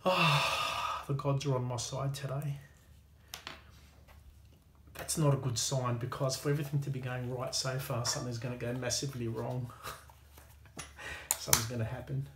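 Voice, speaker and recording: An Australian man keeps up a relaxed, self-deprecating running commentary as he works, often talking to himself. His voice sits at an ordinary middle pitch. The room is noticeably echoey, with a faint hum underneath. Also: moderate pace, pauses often. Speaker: hobbyist watchmaker. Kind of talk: casual running commentary while working.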